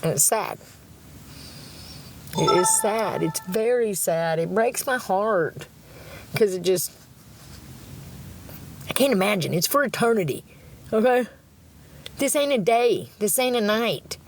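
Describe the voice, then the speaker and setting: A woman's voice: mid-range voice, expressive, slow, long pauses, slight background noise. A middle-aged woman rambling on a livestream, blunt and profane, laughing often and talking about God.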